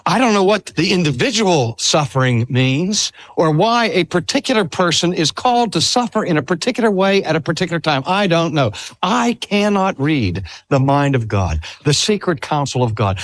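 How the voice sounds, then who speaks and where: A man's voice: a little high, sing-song, moderate pace, few pauses, fairly bright tone, no room sound. An older man preaching a sermon. He speaks earnestly, drags out key phrases for emphasis and asks the listeners rhetorical questions. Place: talk at a cancer hospital.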